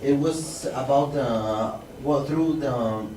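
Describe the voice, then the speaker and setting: A man's voice: mid-range voice, slow pace, distant mic. A man taking part in a classroom discussion, hesitant and searching for his words. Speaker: workshop participant. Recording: echoey classroom from afar, clear background noise.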